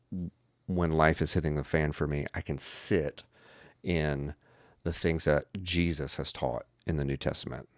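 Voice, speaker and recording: A man's voice: rumbling low, no room sound, clean studio sound. A young adult man who works as a pastor, talking casually on a podcast, often slipping into quoted voices and leaning on the word "like". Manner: acts out quoted voices, fills speech with "like".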